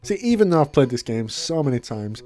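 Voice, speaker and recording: A man giving casual, joking let's play commentary, chatty and quick to laugh. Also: mid-range voice, big pitch swings, dark tone, soft background music.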